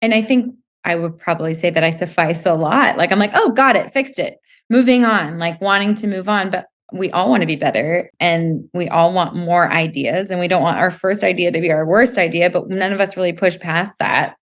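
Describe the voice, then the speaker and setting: A woman's voice: lowish voice, brisk, hardly any pauses. A woman hosting a podcast, asking questions in a chatty, upbeat way. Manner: chatty, upbeat, laughs easily. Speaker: podcast host. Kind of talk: casual interview.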